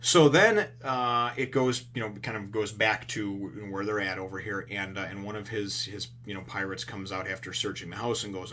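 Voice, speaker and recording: A man retells a manga chapter in a loose, rambling way, leaning on fillers and dropping the odd curse. His voice sits a little low but comes across bright and forceful. It sounds like a casual review. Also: moderate pace, few pauses, a little hiss or hum. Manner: rambling, heavy on fillers and restarts; profane, relaxed retelling.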